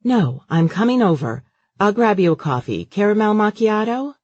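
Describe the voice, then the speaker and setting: A man voicing a flustered, uptight middle-aged mother in an audiobook, high, fussy and shrill. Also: big pitch swings, normal speed, darkish tone, no echo, muffled recording. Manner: high, fussy and shrill, sing-song at times. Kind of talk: audiobook character voice.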